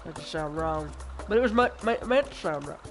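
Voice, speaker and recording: Young male streamer, high-pitched, loose excitable storyteller, heavy swearing. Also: brisk, loud music behind the voice. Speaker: gaming streamer. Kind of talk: casual rambling gameplay chat.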